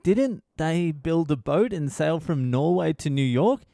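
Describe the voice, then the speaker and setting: Brief: man doing a earnest, hesitant interviewer, pitched up, slow and searching. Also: animated, gravelly, warm tone, no room sound, clean studio sound. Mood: questioning. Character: middle-aged man interviewer, earnest, fumbling.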